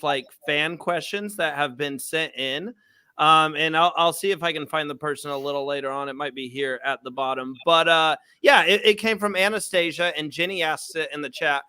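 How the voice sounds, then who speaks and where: A man hosts a podcast with a playful, excitable way of talking, joking with his guest and reading out comments from the chat. His voice sits high for a man and has a bright, sharp edge. The sound is dry and close. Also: clean tone, no room sound. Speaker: podcast host. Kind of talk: casual interview chat.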